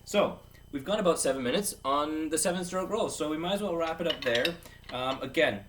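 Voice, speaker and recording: Rambling drum teacher, distant mic. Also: male voice, fairly high pitch, brisk. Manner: rambling, jokey, counts beats aloud. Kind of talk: casual video lesson. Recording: distant mic with clear background noise.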